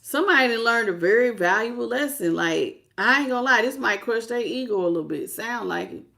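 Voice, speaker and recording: This tarot reader is a woman with a fairly high voice and some vocal fry, speaking a little fast during a live reading. Her manner is lively, slangy, and casual, with frequent laughter and viewers greeted by name.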